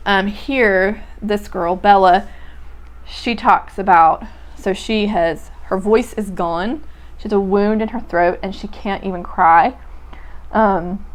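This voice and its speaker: A young woman reading a poem aloud and musing over its lines in a casual, reflective way. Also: mid-range voice. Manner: reflective, musing, many "like" and "um" fillers. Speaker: poetry podcast host. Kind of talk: casual poetry reading and commentary.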